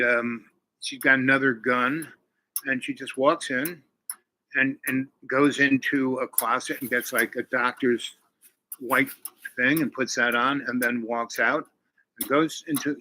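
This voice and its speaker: A man's voice: mid-range voice, bright, forceful tone, low-quality recording. A man casually retelling a movie plot, rambling with many fillers and restarts. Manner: rambling, full of "you know" and restarts. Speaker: channel host.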